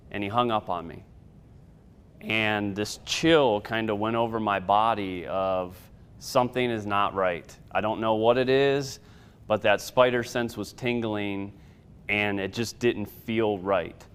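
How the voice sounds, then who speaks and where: A man in his thirties, an Air Force sergeant, giving a personal testimony in a measured storytelling way with occasional fillers. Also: fairly low pitch, fairly even intonation, a bit bright, clean tone.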